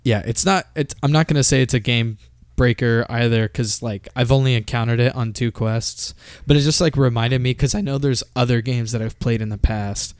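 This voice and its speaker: Man, mid pitch, smooth clear voice, casual gaming rant full of profanity, dry close sound. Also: steady tone, normal speed, no echo. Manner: profane, ranting, laughs often.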